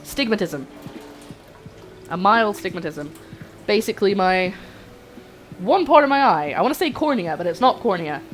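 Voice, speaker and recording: A young woman chatting to her viewers while cooking on a livestream in her home kitchen, excitable and a little flustered. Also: mid-range voice, moderate pace, pauses often, faint music behind, poor audio. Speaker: streamer. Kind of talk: casual cooking livestream chat.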